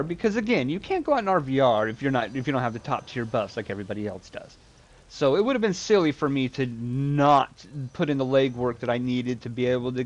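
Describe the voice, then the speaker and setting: A man's voice: mid-range voice, lo-fi sound. A man streaming a game, rambling to himself in casual commentary and swearing freely.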